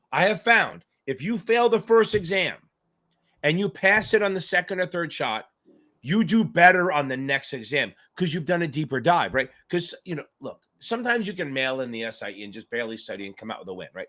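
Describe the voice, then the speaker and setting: A man's voice: on the high side, a bit bright. A man hosting a live exam-prep Q&A stream, chatting casually with jokes and profanity. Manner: joking, profane, rambling.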